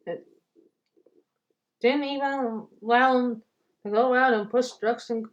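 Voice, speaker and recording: A woman reading a children's storybook aloud, halting with restarts and clearing her throat. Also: a little high, steady tone, dull audio.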